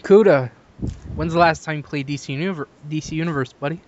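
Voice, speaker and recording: Man from Canada, podcast host; higher pitch, dull lo-fi sound; teasing, casual. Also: quick pace, darkish tone, slight background noise. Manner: teasing, laughs at own jokes. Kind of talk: casual gaming podcast chat.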